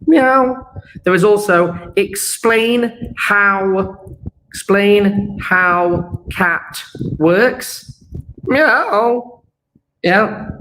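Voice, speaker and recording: A man's voice: high-pitched, fairly even intonation, drawn-out words, sharp tone, slight background noise, poor audio. A young man teaching an exam revision lesson, playful and jokey, walking through answers and checking that his students follow along. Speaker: chemistry teacher.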